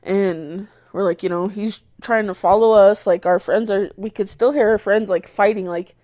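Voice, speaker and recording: A young woman on a podcast tells a story in a loose, animated way. She curses freely and bursts into the shouted lines she is quoting. Her voice is mid-pitched, recorded close and dry, with no room sound. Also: normal speed, no echo. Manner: animated retelling, swears a lot, acts out her own shouts. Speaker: podcast co-host. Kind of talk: casual storytelling chat.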